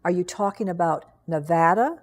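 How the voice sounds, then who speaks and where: A woman in her sixties hosting an interview, asking reflective, measured questions. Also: on the low side. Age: 60s. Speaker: interview host. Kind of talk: conversational interview.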